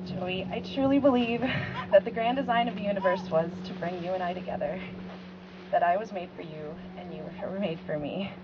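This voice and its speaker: A woman's voice: lowish voice, a little fast, muffled recording, noisy background. A woman reading heartfelt wedding vows as the bride at an outdoor lakeside ceremony. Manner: heartfelt, earnest, with soft laughs. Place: outdoors by a lake.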